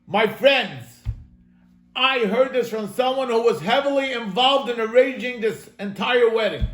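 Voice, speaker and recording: A man's voice: very high voice, animated, unhurried, a bit bright, reverberant, faint music behind. A man, a rabbi, telling a story in an earnest, dramatic manner as he teaches a class. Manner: earnest, dramatic storyteller addressing listeners as "my friends". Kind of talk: storytelling sermon-style lesson. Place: home, online class.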